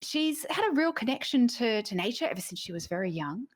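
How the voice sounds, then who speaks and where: A woman in casual livestream chat, introducing her tabletop character with bubbly, animated storytelling. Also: on the high side, a little fast.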